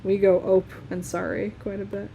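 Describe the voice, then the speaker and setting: A woman's voice: mid-range voice, flat delivery, normal speed, gravelly, lo-fi sound, a little hiss or hum. A young woman from Michigan with a Midwestern accent, chatting and laughing easily while she draws on a live stream. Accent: Midwestern American. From Michigan, USA. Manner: chatty, laughs often, talks while working. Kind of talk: casual chat while drawing on a live stream.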